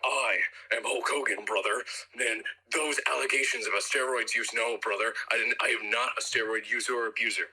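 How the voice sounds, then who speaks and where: A man doing a lowered impression of a boastful wrestling star who keeps denying things. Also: steady tone, brisk, few pauses, sharp tone, breathy edge, full character voice, poor audio. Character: parody of a famous male wrestler, boastful and denying.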